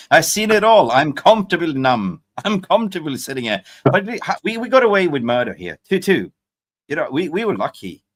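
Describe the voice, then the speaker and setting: A man hosts a live fan show in a lively, chatty way. His pitch swings widely as he talks, and he keeps cutting in on his guests. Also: a little fast. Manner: chatty, interjecting, animated. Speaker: host.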